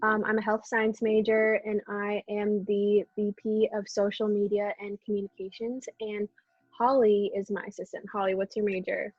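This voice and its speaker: A young woman introducing herself slowly and measuredly on a video call. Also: mid-range voice, level tone, slightly rough, no echo. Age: young adult. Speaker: club vice president. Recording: dull dry video call audio.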